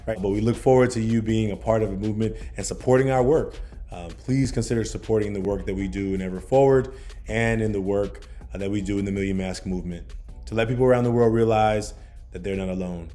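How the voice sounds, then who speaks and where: A man hosting a podcast, talking in a reflective, casual way and letting his sentences trail off softly. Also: fairly low pitch. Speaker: podcast host. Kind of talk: casual interview chat.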